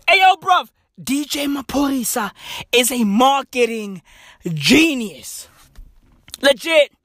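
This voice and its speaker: A man hosting a podcast, telling a story in an animated, profane, slang-heavy monologue. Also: very high voice, no room sound, clean studio sound. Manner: swearing, slangy, says "bruv" and "right?" often. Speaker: podcast host.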